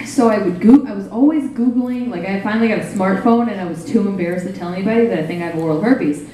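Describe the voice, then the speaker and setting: A woman's voice: medium pitch, fast talker, warm tone, distant mic, slight background noise. Rambling young woman doing stand-up in an echoey cafe. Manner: rambling and self-deprecating, with frequent fillers. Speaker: stand-up comedian. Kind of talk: live stand-up set. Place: small cafe stage. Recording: very echoey room, faint ambience.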